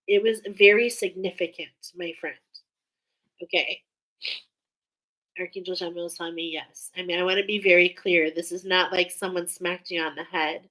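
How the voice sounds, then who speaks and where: Slow, bright-voiced woman giving a spiritual reading. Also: on the low side, poor audio. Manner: emotional, hesitant, with sighs and restarts. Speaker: spiritual reader.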